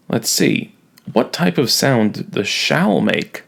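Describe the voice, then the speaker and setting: A man's voice: medium pitch, animated, slow pace, creaky. A man teaching a recorded online lesson, talking students through a poem with wry, self-mocking asides.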